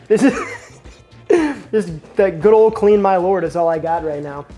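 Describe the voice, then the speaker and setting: A man's voice: high-pitched, lively intonation, a little slow, over music. A man hosting a casual cooking vlog in a kitchen, talking in an enthusiastic, slangy, chatty way. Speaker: cooking show host.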